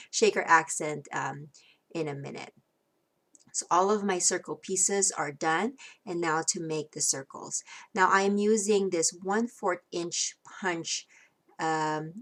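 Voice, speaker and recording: Casting note: woman, low voice, relaxed craft class instructor, chatty voice-over full of ums. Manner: relaxed, with frequent ums and restarts.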